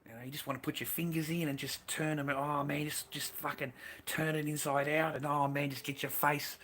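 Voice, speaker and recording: Brash male stream host, profane rambling, bright tone. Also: a little high, little pitch movement, a little fast, a little hiss or hum. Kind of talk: crude rambling monologue.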